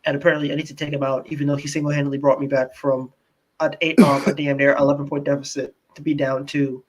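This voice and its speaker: A man putting on the voice of a gruff, condescending basketball coach who lectures and talks down to his listeners. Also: on the high side, level tone, fast talker, pitched below the performer's own voice, natural voice, low-quality recording. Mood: patronizing. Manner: lecturing, self-important, mocking.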